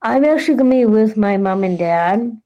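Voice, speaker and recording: A woman's voice: a little high, lively intonation, fairly quick, lo-fi sound. A woman co-hosting a casual podcast, answering questions hesitantly with plenty of fillers. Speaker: podcast co-host.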